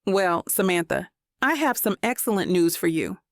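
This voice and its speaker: A woman voicing a warm, upbeat male resort salesman calling on the phone in an audiobook. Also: mid-range voice, fairly even intonation, moderate pace, dry recording, clean studio sound, lightly acted.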